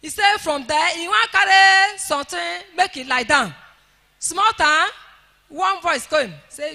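A Nigerian woman giving an emotional church testimony, rising to shouts of praise. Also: extremely high pitch, a little slow, big-room sound.

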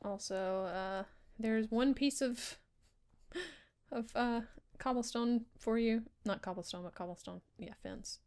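A woman's voice: a little high, a little slow, a little mellow, clear, resonant tone. A woman chatting casually with a friend while playing a video game, giggling often and trailing off mid-sentence. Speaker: game player. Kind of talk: casual co-op gaming chat.

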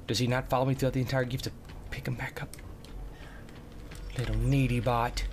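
A man giving jokey, excitable let's play commentary and talking back to the game as he plays. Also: medium pitch, brisk, pauses often, noisy background. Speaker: gamer.

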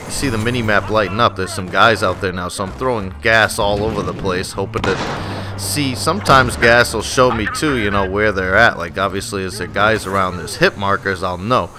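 A man's voice: lowish voice, moderate pace. A man doing live gameplay commentary on his channel, joking and swearing, on a desktop microphone. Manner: profane, joking, animated. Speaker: gaming channel host. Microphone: desktop USB microphone. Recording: noisy, game sounds behind. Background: shooter game sounds, vehicles.

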